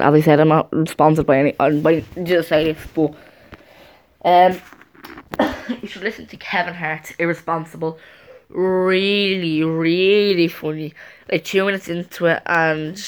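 A woman's voice: low-pitched, a little mellow. A young woman chatting casually to camera at home, rambling and often restarting her sentences. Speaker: vlogger.

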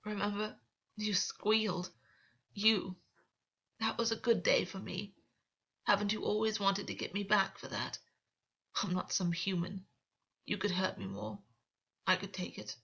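A raspy, defiant captive former king coaxes and provokes his captor, voiced by a woman reading an audiobook. The voice sits at a middle pitch. The recording sounds slightly dull and lo-fi. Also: measured pace, pauses often, a bit bright. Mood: taunting.

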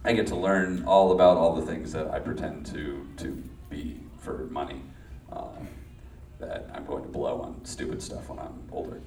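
A former child actor from Los Angeles, here a guest, speaks in a dark bass voice with level tone at normal speed, far from the mic in a roomy space. Telling a story to a live audience, he rambles, interrupts himself and laughs frequently.

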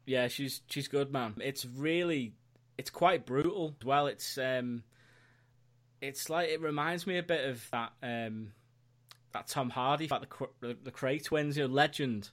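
A man's voice: mid-range voice, unhurried, a bit bright. A man co-hosting a podcast in casual chat, laid-back, laughing often and swearing casually. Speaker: podcast co-host.

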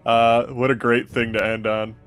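A man's voice: mid-range voice, level tone, normal speed, a bit bright, faint music behind. A man playing a tabletop game, chatting casually in an amused, teasing way. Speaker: player.

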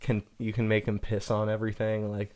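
A man's voice: on the low side, completely flat delivery, a little fast, darkish tone. A young man co-hosting a podcast in casual banter, joking and swearing freely. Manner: jokey, swears a lot, laughs often. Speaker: podcast co-host. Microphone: own studio microphone.

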